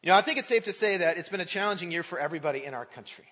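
On Christmas Eve, a pastor with a high, slightly rough voice and lively intonation preaches very fast, telling a story earnestly and praying with warmth. The audio is dull, captured in a big church full of reverb.

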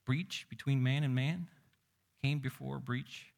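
A man preaching a sermon, moving between loud emphasis and hushed low asides, quoting scripture. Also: steady tone, measured pace, creaky. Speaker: pastor.

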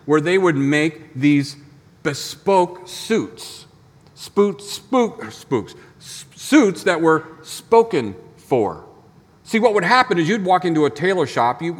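A man's voice: on the high side, expressive, moderate pace, big-room sound. A man preaching a sermon as pastor, in a conversational storytelling manner full of rhetorical questions. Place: church sanctuary.

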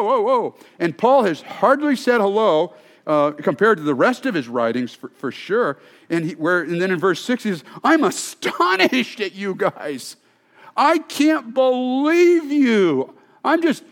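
A male pastor preaching a sermon in a conversational, storytelling way, often restarting his sentences. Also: sits high.

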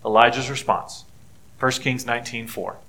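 A middle-aged man preaching a sermon in an earnest, conversational way, building to emphatic peaks and dropping to quiet, tender passages. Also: mid-range voice, flat delivery, moderate pace, slight background noise. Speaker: pastor.

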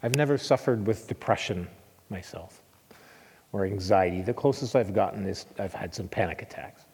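A middle-aged man preaching a sermon as pastor, earnest and repeating phrases for emphasis, dropping to a hush and then lifting again. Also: on the low side, normal speed, slightly rough, long reverb tail.

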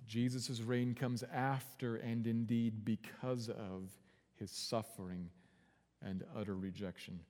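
A man preaching a sermon as pastor, earnest, swinging from quiet and slow to loud and urgent. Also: on the low side, flat delivery, in a large hall. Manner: earnest preaching with big swings in volume and pace.

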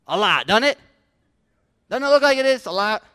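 A male pastor preaching a sermon with animated delivery, now and then acting out everyday voices to make his point. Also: high-pitched, normal speed, smooth. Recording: long church hall reverb.

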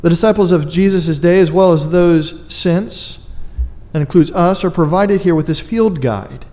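A man's voice: fairly high pitch, moderate pace, dark tone. Earnest preaching man in a reverberant hall. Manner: earnest, emphatic preaching with dry asides. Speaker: pastor. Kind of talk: sermon.

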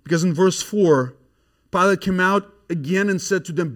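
A man preaching an expository sermon, swinging from hushed, grave passages to loud, excited emphasis. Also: high voice, a little fast.

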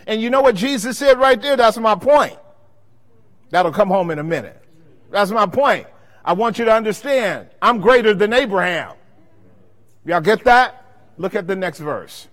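A man's voice: high voice, fairly bright tone. A man teaching a Bible study sermon-style, quizzing his congregation with call-and-response questions. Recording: long hall reverb.

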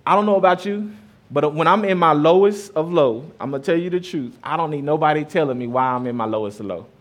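Pastor guy preaching, chatty storytelling vibe, voice a bit on the high side. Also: fast. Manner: conversational preaching with personal stories, rising and dropping loudness. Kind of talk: sermon.

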